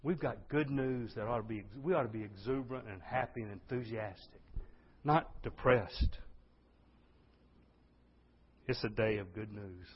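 Exuberant husky-voiced male preacher. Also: fairly low pitch, normal speed. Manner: exuberant, swings from loud to hushed. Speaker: pastor. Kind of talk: sermon. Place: church sanctuary. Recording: dull lo-fi sound.

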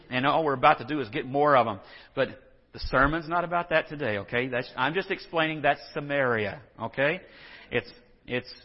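Folksy husky-voiced Texas preacher. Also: male voice, medium pitch, big-room sound, muffled recording. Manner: folksy, joking asides, acts out scripture dialogue. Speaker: pastor. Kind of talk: sermon.

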